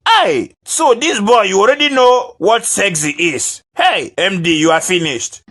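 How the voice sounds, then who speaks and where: Bossy threatening Nigerian cartoon dad played by a man, bright-edged voice. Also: high-pitched, unhurried. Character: blustering cartoon father and bossy assistant.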